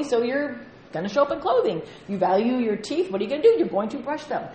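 A woman preaching to a women's gathering, direct and exhorting, with rhetorical questions and quick asides. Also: on the high side, darkish tone, roomy sound, a little hiss or hum, low-quality recording. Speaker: women's ministry speaker. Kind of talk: sermon.

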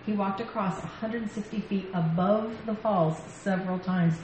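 Animated woman preaching in an echoey hall. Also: mid-range voice, normal speed. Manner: lively storyteller, laughs often. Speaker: women's ministry speaker. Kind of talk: sermon-style faith talk. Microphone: stage mic. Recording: echoey hall, faint background noise.

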